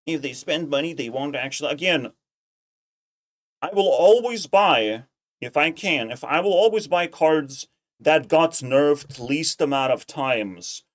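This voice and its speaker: A man's voice: on the high side, animated, unhurried. A man streaming casual commentary, ranting in a heated, profane way and repeating himself when worked up. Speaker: streamer reacting to clips.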